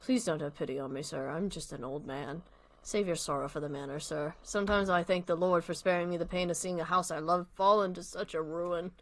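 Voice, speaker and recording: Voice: mid-range voice, fairly quick, a bit bright, voice pushed down, close to an everyday voice. A non-binary streamer reading a game's dialogue aloud, voicing an old male butler who speaks formally and sorrowfully in stiff, old-fashioned phrases. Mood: solemn.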